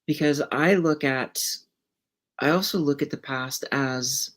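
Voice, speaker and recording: A woman hosts a podcast and muses in casual conversation. She slips into storytelling and restarts her phrases as she goes. Her voice sits fairly low for a woman. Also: a little slow, a bit bright. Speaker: podcast host.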